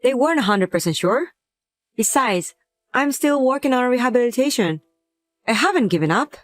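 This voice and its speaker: A woman playing a young wife who uses a wheelchair, speaking in a gentle, pleading way in a scripted drama. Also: on the high side, animated, normal speed, no echo, natural voice. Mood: hurt. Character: young wife in a wheelchair, hurt but patient.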